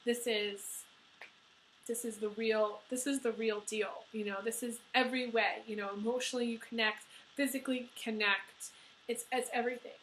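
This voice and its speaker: A woman's voice: on the high side, steady tone, normal speed, a bit bright, roomy sound, a little hiss or hum, low-quality recording. A woman reading tarot cards for viewers, emotional and teary, with many fillers and restarts. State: crying. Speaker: tarot reader.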